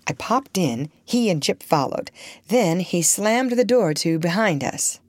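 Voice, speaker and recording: A woman reading a children's story aloud in an expressive storytelling manner. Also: fairly low pitch, a little slow, no echo. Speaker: audiobook narrator. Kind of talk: scripted storybook narration.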